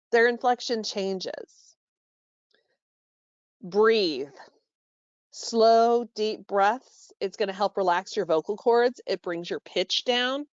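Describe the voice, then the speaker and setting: A woman presenting a staff training call, instructive and steady, with frequent fillers and self-corrections. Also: on the high side, no echo, dull audio. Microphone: call microphone.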